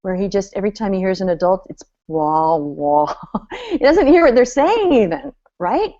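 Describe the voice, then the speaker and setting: A woman business coach running an online seminar, animated and chatty, laughing often as she talks. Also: a little high, brisk. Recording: slightly dull lo-fi audio.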